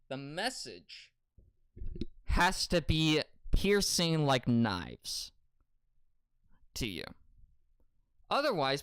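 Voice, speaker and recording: Rambling streamer with lively, swooping pitch. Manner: rambling, halting, many restarts and fillers. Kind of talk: casual livestream chat, giving advice.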